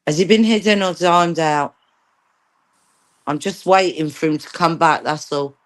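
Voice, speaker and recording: A woman's voice: low voice, measured pace. A woman hosting a casual live stream chat, chatty and exclamatory, teasing her guests.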